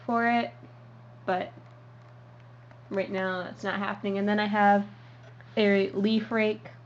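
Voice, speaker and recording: Slowly and in a level, mid-range voice, a young model horse hobbyist rambles through a casual show-and-tell for her vlog, filling it with ums and uhs. It's a dull, lo-fi home recording with a faint hiss.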